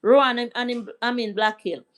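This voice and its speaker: A woman's voice: on the high side, a little fast, fairly bright tone. A middle-aged Jamaican woman hosting a live stream, telling a family story and answering viewers' comments. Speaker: livestream host. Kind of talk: casual live chat and storytelling.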